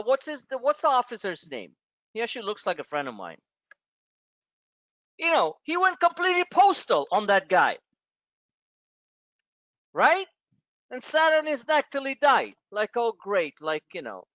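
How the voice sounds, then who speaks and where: A man's voice: extremely high pitch, bright, forceful tone, no room sound. Blunt, profane man on a dull, dry line. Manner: blunt, profane, talks straight at listeners. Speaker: trading coach hosting a member Q&A. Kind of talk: live online session, rambling rant.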